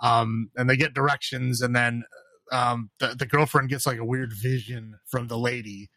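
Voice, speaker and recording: A man co-hosting a podcast, chatting casually about a horror film, sarcastic and animated, with lots of fillers and laughs. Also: medium pitch, moderate pace, no echo. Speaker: podcast co-host. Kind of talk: casual horror movie chat.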